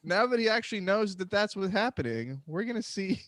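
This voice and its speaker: Animated joking male podcast host. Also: high voice, brisk. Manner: joking, sarcastic, trails off into mumbles. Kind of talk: live comedy podcast banter.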